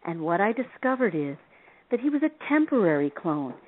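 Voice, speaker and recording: Woman guest on a call-in radio show, animated, laughs a lot, sounds like a tinny phone line. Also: lowish voice, fairly quick. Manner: animated storyteller, laughs often. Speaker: relationship expert guest.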